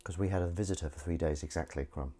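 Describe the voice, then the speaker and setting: Standing at his kitchen sink, an English livestream host with a Southern English accent rambles and jokes while washing up and reading chat messages aloud. His voice sits low and he talks fast, under heavy background noise of running water and clinking dishes.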